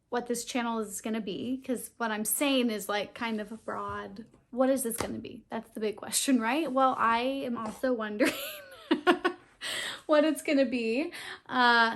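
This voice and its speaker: A woman's voice: fairly high pitch, fairly bright tone. A young woman talking earnestly and openly to camera in a casual vlog, laughing now and then. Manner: earnest, open, tearful at times, laughs often. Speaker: vlogger starting a channel. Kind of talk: heartfelt casual vlog talk.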